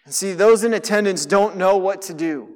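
A man with a fairly high voice preaches a sermon, chatting with his listeners and moving between hushed stretches and emphatic, louder ones. His voice rings with the long reverb of a large hall. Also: moderate pace.

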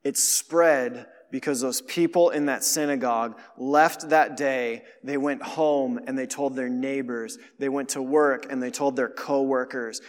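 A man preaching a sermon in a conversational way that swings between hushed, quiet passages and emphatic ones. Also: medium pitch, steady tone, unhurried, hardly any pauses, long reverb tail.

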